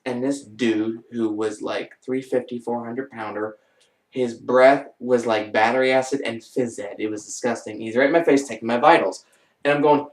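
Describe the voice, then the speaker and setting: A man rambles through a wild true story in a loose, lively vlog voice. He sits back from the mic, and the room rings around him. He keeps jumping into other people's voices along the way. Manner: animated, rambling, acts out quoted voices with big pitch jumps. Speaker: vlogger. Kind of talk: casual first-person storytelling. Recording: roomy and distant from the mic.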